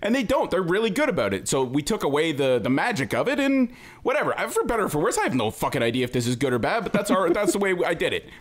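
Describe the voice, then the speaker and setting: A man's voice: fairly high pitch, big pitch swings, fast talker. A middle-aged man hosting a podcast, telling funny stories about his kids in casual chat, swearing freely and laughing often. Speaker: podcast host.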